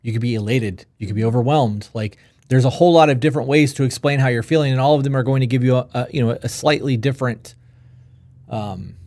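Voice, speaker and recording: A man's voice: medium pitch, quick pace, darkish tone, dry recording. A man co-hosting a live podcast, talking frankly and swearing casually as he reads out viewer questions. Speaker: podcast co-host.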